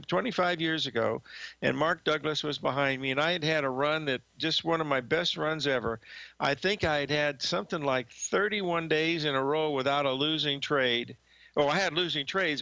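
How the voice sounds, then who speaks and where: A man's voice: on the high side, gravelly, sharp tone, no room sound, highs cut off. An older man hosting a market show, talking in a folksy, rambling way with many fillers and restarts. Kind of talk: casual trading talk. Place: studio desk.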